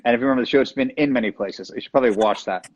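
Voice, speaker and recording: A man chatting as a guest over a video call, playful and joking, with quick asides. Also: medium pitch. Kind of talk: casual chat.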